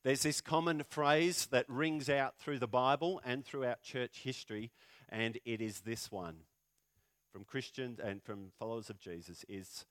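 A man pastor preaching a sermon in a conversational way, full of rhetorical questions. He moves between loud, emphatic lines and quiet, low passages. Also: a little slow, dry recording, clean studio sound.

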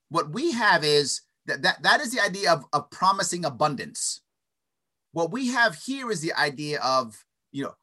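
A man talking as an interview guest, giving an opinionated, animated argument with stuttered restarts and frequent "right?" tags. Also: a little high. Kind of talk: opinionated conversational monologue.

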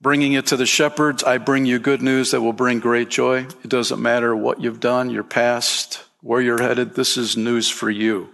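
A man's voice: medium pitch, flat delivery, normal speed, vocal fry, hardly any pauses, a bit bright. A man preaching a sermon as pastor, emphatic, lifting his voice for key points and calling listeners "man" and "friend".

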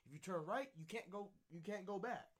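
A man's voice: sits high, lively intonation, brisk. A young man chatting casually as a podcast co-host, rambling and swearing freely. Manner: rambling, profane, laid-back. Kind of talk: casual chat.

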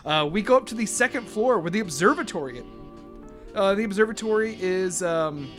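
A man runs a tabletop game in a loose, rambling style, full of fillers and the odd swear. His voice is bright and a bit high, with faint music underneath. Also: lively intonation, brisk. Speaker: game master.

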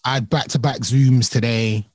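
Man, casual chat, lively, husky, dry room. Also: medium pitch, normal speed, dry recording. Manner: lively, joking, slangy.

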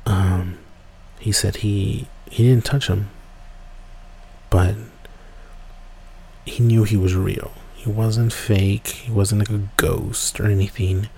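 A man with a low, gravelly, mellow voice tells a story in a loose, casual way. He rambles, restarts his sentences and fills the gaps with "you know." A faint hiss of ambience sits under the voice. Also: flat delivery, takes it slowly, pauses often. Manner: rambling, many fillers and restarts. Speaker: podcast host.

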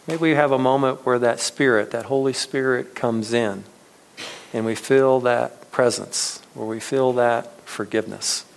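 A man's voice: medium pitch, creaky, rough recording. Conversational male pastor preaching casually. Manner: conversational, many fillers and restarts, chuckles often. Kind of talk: casual sermon.

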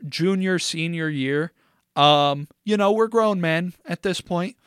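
A man's voice: on the high side, slow, a bit bright, clear, resonant tone, dry recording, studio quality. A young man co-hosting a podcast, telling a rambling, profane story in casual chat and laughing along the way. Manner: profane, rambling, laughs through his stories. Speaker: podcast co-host.

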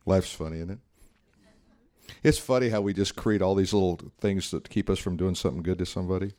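A man's voice: deep voice, fairly quick, dark tone. A middle-aged man preaching a sermon in a conversational, storytelling way, acting out the voices of people he quotes. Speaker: pastor.

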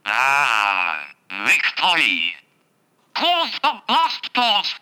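A man's voice: mid-range voice, huge pitch swings, drawn-out words, pushed and bright, smooth, heavily acted. An actor voicing a scheming, panicky male alien viceroy for a toy sound chip, in a nasal, exaggerated drawl that swings between commanding and alarmed.

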